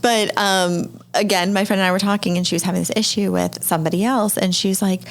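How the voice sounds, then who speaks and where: A woman's voice: medium pitch, steady tone, a little fast, gravelly. A woman hosting a podcast interview, telling stories in a chatty, casual way with lots of "like" fillers. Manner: chatty storytelling, heavy use of "like" fillers. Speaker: podcast host.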